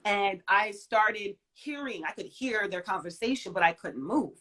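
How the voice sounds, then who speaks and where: A woman in her forties, a guest in an interview, telling a personal story in an emphatic way, swinging from loud to soft. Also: mid-range voice, lively intonation, measured pace.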